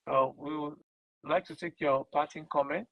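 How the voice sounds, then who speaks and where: A man's voice: a little high, steady tone, normal speed, creaky, no room sound. A man hosting an interview show, upbeat and coaxing his guest along in casual talk. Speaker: host. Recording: dull, muffled sound.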